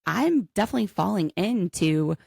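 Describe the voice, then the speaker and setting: A woman who is an attorney, co-hosting a podcast in casual chat, chatty and quick with quips, laughing often. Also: mid-range voice, animated, gravelly, darkish tone, breathy edge, no echo, clean studio sound.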